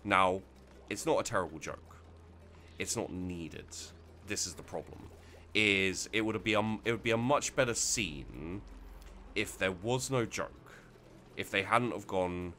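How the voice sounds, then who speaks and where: A man's voice: deep voice, unhurried, pushed and bright, slight background noise. A man hosting a let's play, talking casually with lots of restarts and fillers while he plays. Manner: rambling, many restarts and fillers. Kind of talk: casual gameplay commentary.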